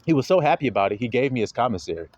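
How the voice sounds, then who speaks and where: Animated, slangy male preacher. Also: racing, dry recording, highs cut off. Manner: animated, slangy, often laughing, swings between low and high. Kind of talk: informal sermon to followers.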